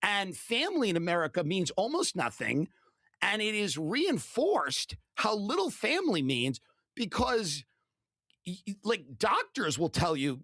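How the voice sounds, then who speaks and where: A man in a played clip, ranting in a blunt, animated way with crude punchlines. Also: high-pitched, a little slow, no room sound, clean studio sound. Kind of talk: casual chat.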